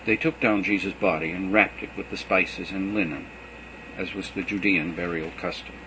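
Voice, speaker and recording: A man giving an expressive, dramatic reading of scripture. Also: low voice, normal speed, background noise. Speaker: scripture reader.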